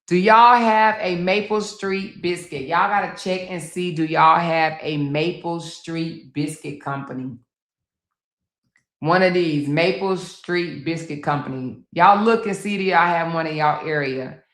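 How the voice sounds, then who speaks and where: A middle-aged woman chats through a casual livestream from home, exclamatory and talking straight to her viewers. Her voice sits a little low, and the room rings around her. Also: measured pace, a bit bright. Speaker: livestream host. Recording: roomy echo.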